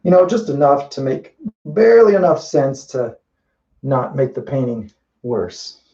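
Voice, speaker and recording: Casting note: man painting live on camera, easygoing think-aloud instructor, mellow low-key tone, slightly dull lo-fi sound. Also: unhurried. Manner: relaxed, thinking aloud while painting, many restarts and "you know". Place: indoors at a painting wall.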